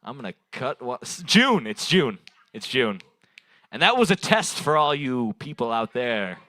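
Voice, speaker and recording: At a small bar stage open mic, a young man does improvised crowd work, loose and rambling, swearing and chuckling at his own jokes into a handheld stage mic. His medium-pitched voice is sing-song, bright and forceful, at normal speed, in a dry recording.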